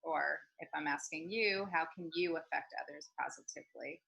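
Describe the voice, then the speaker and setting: A woman's voice: sits low, normal speed, gravelly, heavy background noise. A woman hosting an online group talk, telling a story with many ums and restarts. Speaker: host of a group discussion. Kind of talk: casual storytelling. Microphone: video call.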